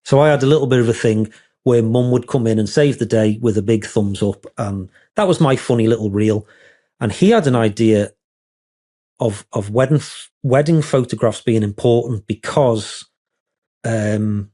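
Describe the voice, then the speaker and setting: A man's voice: medium pitch, normal speed, dark tone. A man, a wedding photographer being interviewed, talking in a rambling, candid, self-deprecating way.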